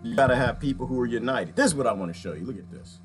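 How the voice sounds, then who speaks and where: A man's voice: mid-range voice, animated, very fast. A man giving a fired-up, repetitive political rant while commenting on a video clip. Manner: impassioned, repetitive, preachy. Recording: music playing underneath.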